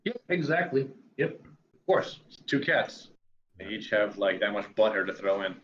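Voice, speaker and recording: A man's voice: very animated, normal speed, fairly bright tone, slight background noise. A man from Northern Virginia hosting a casual stream, joking as he brews and cooks. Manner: joking, puts on silly high voices. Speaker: stream host brewing and cooking. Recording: roomy, dull home mic.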